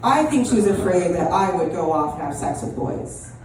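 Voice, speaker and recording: A woman's voice: lowish voice, expressive, normal speed, a crowd in the background. A young woman doing an open mic stand-up set, rambling and self-deprecating with lots of ums and restarts. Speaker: stand-up comedian. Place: small comedy club. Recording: echoey room, distant mic, audible room noise.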